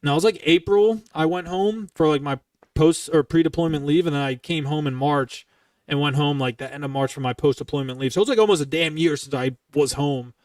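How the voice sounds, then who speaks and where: Brisk and a little high, with a darkish tone, this podcast host in his twenties delivers a long, rambling, heated story packed with profanity in casual chat. The recording is dry, and he's somewhat distant from the mic.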